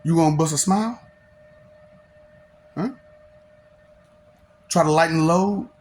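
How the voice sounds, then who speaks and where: A man's voice: fairly high pitch, a little slow, darkish tone. A man delivering a taunting, slangy monologue, laughing often between lines.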